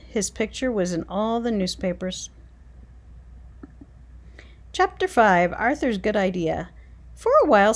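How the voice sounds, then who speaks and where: A woman reading a children's chapter book aloud, expressive and dramatic. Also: mid-range voice. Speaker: reader. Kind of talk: storybook read-aloud.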